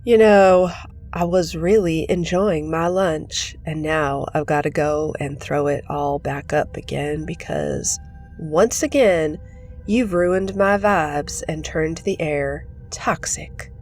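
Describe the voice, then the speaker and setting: A woman's voice: low-pitched, slow, a little mellow, soft background music, full character voice. A woman voicing a smug, mocking teenage bully boy. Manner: lazy, mocking drawl. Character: smug, cruel teenage boy who leads a school clique.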